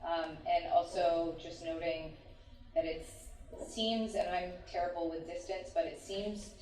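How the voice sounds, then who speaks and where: A woman's voice: fairly low pitch, level tone, a little slow, darkish tone. A woman on a committee raising concerns at a public meeting, hesitant and full of ums. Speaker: committee member. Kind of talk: meeting discussion. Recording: echoey room, far from mic.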